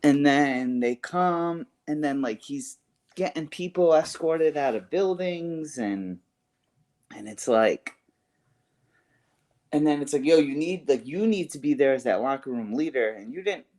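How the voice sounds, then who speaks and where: A man's voice: on the high side, animated, measured pace, a little mellow. A man co-hosting a wrestling podcast in casual chat, rambling with lots of "like" and slang such as "bro" and "yo". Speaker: podcast co-host.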